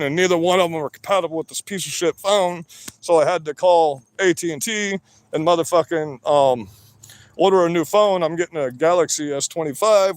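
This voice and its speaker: A man livestreaming from his work shed on a phone, talking loud, rambling and profane, wired on energy drinks, so that he always sounds like he is yelling. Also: on the high side. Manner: loud, rambling and profane, with many "you know"s. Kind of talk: livestream rant.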